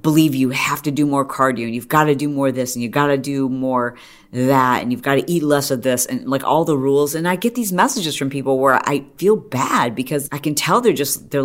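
A middle-aged woman hosting a podcast, talking in a chatty, animated way full of "like" and quick asides. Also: a bass voice. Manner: chatty, animated storytelling with frequent "like". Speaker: podcast host. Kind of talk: casual monologue.

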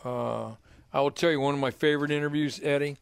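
A man's voice: on the high side, fairly even intonation, fast talker, gravelly, clear, resonant tone. An older man hosting a sports radio show, telling long rambling anecdotes with many restarts and "right?" tags. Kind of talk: casual radio storytelling. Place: radio studio.

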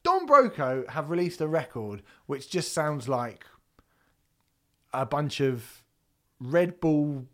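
A man co-hosting a podcast in casual chat, animated and sweary, breaking into bits of song. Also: a little high, slow, long pauses. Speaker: podcast co-host.

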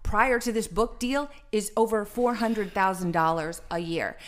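A woman co-hosting a casual talk show, animated and sarcastic in her delivery. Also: mid-range voice, a little slow. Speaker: co-host.

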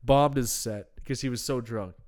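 A man's voice: mid-range voice, normal speed, darkish tone. Here a young man spins party stories for his podcast in a loose, rambling way, swearing freely and breaking into laughter. He sounds a little drunk, with an everyday mid-range voice. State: tipsy. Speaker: podcast co-host. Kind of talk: casual chat, storytelling.

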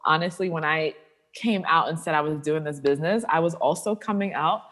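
A woman's voice: low-pitched, brisk. A woman sexuality coach speaking candidly as an interview guest, animatedly acting out the voices of people she quotes. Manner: animated storyteller who acts out quoted voices.

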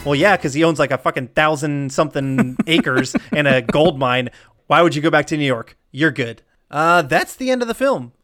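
Animated, laughing male podcast co-host. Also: fairly high pitch, moderate pace, faint music behind. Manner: animated, laughs often, rambling asides. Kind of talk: casual chat, film recap.

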